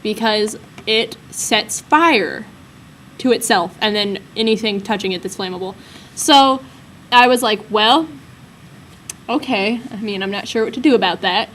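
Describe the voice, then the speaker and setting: A woman's voice: medium pitch, a little slow, fairly bright tone, a little hiss or hum. A young woman telling a rambling story in casual chat, full of fillers, as a vlog co-host.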